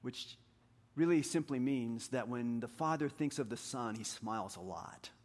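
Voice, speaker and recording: A man preaching a sermon, telling stories in an animated, self-deprecating way and swinging between hushed and loud delivery. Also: mid-range voice, normal speed. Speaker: pastor. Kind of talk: sermon with storytelling.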